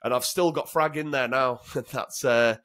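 A man's voice: mid-range voice, measured pace, a bit bright. British ex-serviceman, 30s, casual storyteller, plain mid voice, swears freely, laughs through it. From Britain. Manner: blunt, sweary, laughs through his stories. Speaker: guest, former soldier.

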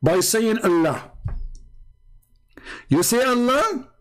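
A man's voice: high voice, sing-song, slow pace. Sarcastic man hosting a live stream. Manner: sarcastic, scornful rhetorical questioning; broken, non-standard English grammar. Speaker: livestream host. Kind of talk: mocking live-stream commentary.

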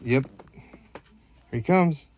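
A man's voice: medium pitch, extremely slow, a little mellow, slight background noise. A man teasing and playfully scolding his dog in casual chat at home. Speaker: dog owner filming his pets.

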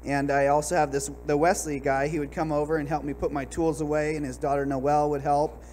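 A man at a church service telling his testimony in an animated, storytelling way. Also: a little high, brisk, slight background noise. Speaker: guest sharing a testimony.

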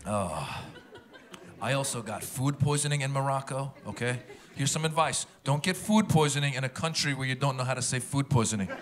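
A man performing a stand-up comedy set, animated and acting out the people in his stories. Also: medium pitch, fairly quick. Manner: animated, acts out characters. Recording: live stage recording with a loud audience. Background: loud audience laughter.

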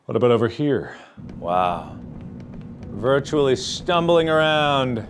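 A man in his thirties, a gaming YouTuber doing let's play commentary, animated and yelping as he plays in VR, winded from moving. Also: mid-range voice, slow, noisy background. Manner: animated, yelps and jokes while playing VR.

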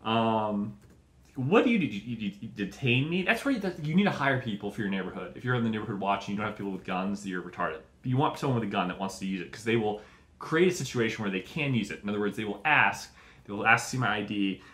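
A man's voice: fairly low pitch, expressive, fast, a bit bright, roomy sound. A young man hosting a podcast, riffing in a profane, tangent-hopping comic monologue and acting out little scenes. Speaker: podcast host. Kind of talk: rambling comedic monologue.

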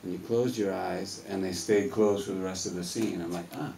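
A man on a film Q&A panel, talking in a rambling, animated way and laughing as he tells stories in a cinema hall. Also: sits low, moderate pace, vocal fry, far from the mic, a little hiss or hum. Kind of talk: casual live Q&A storytelling. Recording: echoey hall, mic heard from afar.

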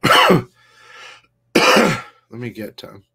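A man hosting a casual comic book livestream, talking fast and loose, swearing freely and reading viewer comments aloud. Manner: profane, excitable, reads chat aloud. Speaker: comic shop livestream host. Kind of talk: casual live-stream chat.

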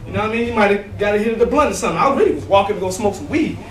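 A man's voice: sits high, expressive, very fast, fairly bright tone, reverberant, far from the mic, slight background noise. A man doing a crude, rambling stand-up comedy set in a small, nearly empty club, laughing at his own jokes.

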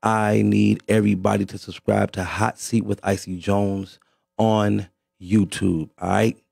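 A man's voice: on the low side, level tone, a little slow, gravelly, a little mellow, dry recording, studio quality. A man hosting a radio show in a laid-back, slangy way, repeating himself and talking straight to his listeners. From Las Vegas. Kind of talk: casual radio show talk.

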